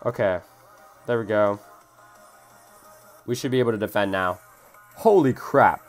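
Faint music plays behind a young man streaming a mobile game, who swears at his phone and reads out chat messages while he responds to them. He's a young adult gaming streamer, clearly frustrated, and he speaks unhurriedly in a lowish voice.

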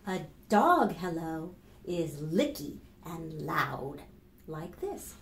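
A woman librarian leading a children's storytime, reading aloud in an animated, sing-song way and talking straight to young children. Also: low voice, extremely slow, echoey room.

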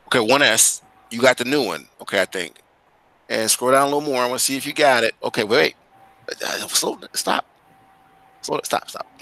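A man's voice: medium pitch, bright, forceful tone, no echo. A male teacher guiding students through an online class on a video call, talking casually but directly and firmly.

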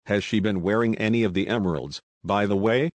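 A daring young woman sleuth, as a man puts her on leans in with sly, breezy talk and mock-American slang. The voice sits fairly low. It sounds dry and close. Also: brisk, dry recording, natural voice. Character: bold playful young woman sleuth, posing as an American detective.

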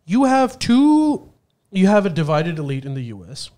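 A man co-hosting a podcast, explaining politics in a halting, filler-heavy way. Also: high-pitched, big pitch swings, dark tone. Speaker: podcast co-host.

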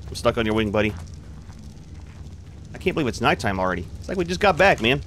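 A man's voice: medium pitch, very animated, fast, a bit bright, a little hiss or hum. A man hosting a gaming channel, giving casual commentary as he plays and chatting to his creatures in a laid-back way.

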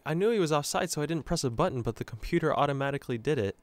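A man's voice: on the high side, lively intonation, racing, hardly any pauses. A man giving live commentary over his own soccer video game match as a channel host, cheering on his players and talking to his viewers as "boys".

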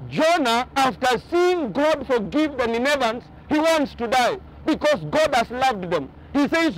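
High-voiced pastor preaching. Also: male voice, animated, measured pace, few pauses, rough recording. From Kenya. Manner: emphatic preaching with repeated phrases. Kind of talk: sermon. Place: outdoors on a boat by the ocean.

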